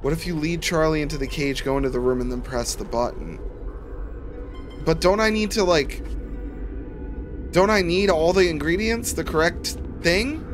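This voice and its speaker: A young man streaming a horror cooking game live, grumbling and swearing constantly, with sudden bursts of shouting. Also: a little high, moderate pace, long pauses, faint music behind. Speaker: gaming streamer. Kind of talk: live gameplay commentary.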